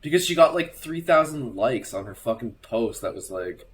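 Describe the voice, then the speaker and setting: A young man with a voice of ordinary pitch, talking as a guest on a casual podcast. He speaks excitably and swears, leaning on like and you know, with a faint hum of noise behind him. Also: moderate pace. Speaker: podcast guest, digital artist. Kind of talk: casual chat.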